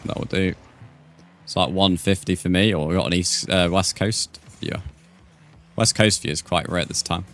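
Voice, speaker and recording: A man's voice: low voice, normal speed, fairly bright tone, slight background noise. A man streaming a game, chatting casually with viewers and calling them "mate". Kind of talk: casual live-stream chat.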